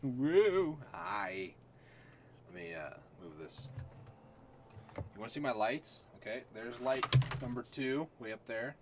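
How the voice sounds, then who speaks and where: A young man with a sore throat, rambling quietly through late-night gameplay commentary. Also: medium pitch, lively intonation, moderate pace, a little hiss or hum. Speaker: gaming streamer.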